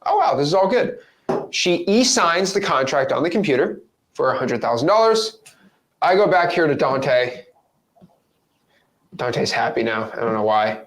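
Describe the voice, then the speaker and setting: An animated young man teaches real estate, his pitch leaping and dipping as he acts out both sides of phone calls. His middle-pitched voice rings in a room with a roomy echo. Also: unhurried, pauses often. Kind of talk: energetic teaching talk.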